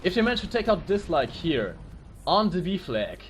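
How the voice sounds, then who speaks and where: A man commentating a live tank game match, analytical, breaking into excited exclamations. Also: high voice, moderate pace. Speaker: esports commentator. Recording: faint music behind.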